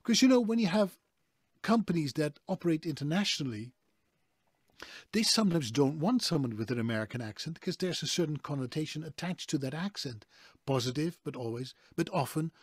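A man's voice: a little high, a little fast, breathy edge, no room sound, studio quality. A man with a hard-to-place European-English accent, telling stories animatedly as a voice actor guest on a video call interview. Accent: mixed European-English. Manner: animated, emphatic storyteller. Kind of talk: conversational interview.

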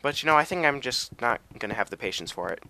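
Tired young gamer with a gravelly voice. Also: male voice, mid-range voice, animated, fast talker, bright, forceful tone, a little hiss or hum. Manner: rambling, self-deprecating, chatty asides. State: tired, voice cracking. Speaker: let's play gamer. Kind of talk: casual game commentary.

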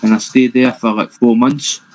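A man in casual chat on a stream panel, puzzled and halting. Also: medium pitch, steady tone, darkish tone, poor audio. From Scotland.

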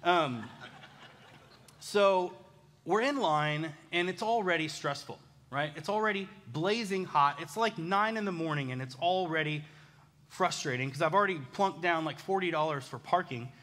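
A man's voice: a little high, lively intonation, moderate pace, fairly bright tone. A man in his thirties preaching a sermon as a pastor, telling stories in a casual, self-deprecating way. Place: church sanctuary. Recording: echoey church hall.

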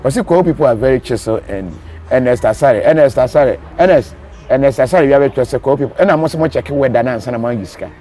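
A man's voice: medium pitch, fast talker, warm tone. A man with a Ghanaian accent hosting a live stream, reading viewer comments and joking, switching between Twi and English. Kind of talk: casual chat.

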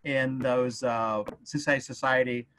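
A man's voice: mid-range voice, flat delivery, normal speed, a bit bright, slight background noise. A man, a museum curator, joins a livestream discussion. He talks hesitantly and casually, with many ums and uhs. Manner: hesitant, many filler sounds.

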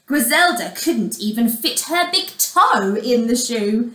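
A woman teacher reads a fairy tale aloud to little children, slow and expressive, with a high, animated voice. She sometimes asks her listeners questions. The recording sounds roomy and echoey. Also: distant mic. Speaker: primary school teacher. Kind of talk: reading a storybook aloud to young children.

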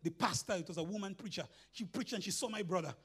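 A man with a Grenadian accent preaching a sermon in church, telling a story with laughter and building to shouts. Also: sits high, fast, slightly rough.

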